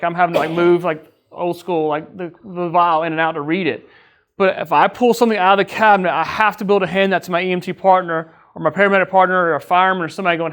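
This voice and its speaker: A man with a fairly high, fairly bright voice gives his crew an informal training talk, teasing them and regularly slipping in "right?" to confirm they're following along. It feels like a training officer chatting with colleagues, unscripted and full of jokes.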